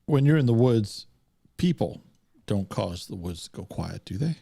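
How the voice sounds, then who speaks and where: A man's voice: fairly low pitch, expressive, normal speed, gravelly, dark tone, breathy edge. A man co-hosting a podcast, chatting casually and telling stories in an easygoing way. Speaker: podcast co-host.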